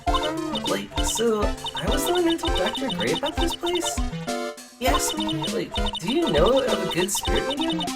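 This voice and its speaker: Woman doing a ditzy valley girl student, high bouncy voice, rambling fillers, loud game music behind. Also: sing-song, moderate pace. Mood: airheaded. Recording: music behind, slightly distant mic.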